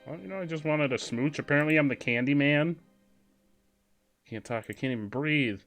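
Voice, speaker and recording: A man's voice: fairly high pitch, moderate pace, a bit bright, soft background music. A man streaming a game, joking around and reading the on-screen text aloud with dramatic flair. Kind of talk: casual gameplay commentary.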